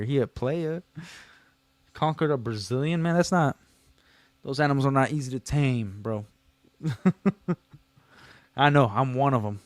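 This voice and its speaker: A male livestream host chats casually and jokes with his viewers. His voice is smooth and clear at a middling pitch. The sound is dry and close, with no room echo. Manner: reads chat messages aloud and answers them, joking and teasing; slangy, loose delivery with many fillers.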